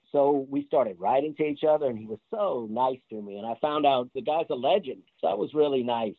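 A man, an interview guest, recounts his street-performing days in a lively, chatty way, breaking into laughter now and then. His voice comes through a thin, phone-like line. There is little room sound around him. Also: medium pitch, a little fast, hardly any pauses, no room sound. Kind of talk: casual storytelling interview. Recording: tinny phone-like line, dry.

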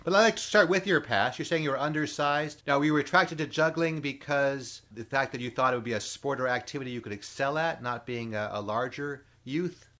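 A man's voice: medium pitch, a little fast, few pauses, sharp tone. A man in his fifties hosting an interview, asking questions in a wry, joking way. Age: 50s. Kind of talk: casual interview.

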